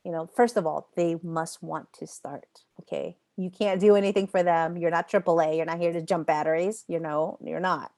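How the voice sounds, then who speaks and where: Yoga teacher-training instructor, woman with a lowish voice, chatty and emphatic, answers students by name. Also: fairly even intonation, normal speed, hardly any pauses, darkish tone. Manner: emphatic, repeats phrases for effect, laughs often. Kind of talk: live online class lecture.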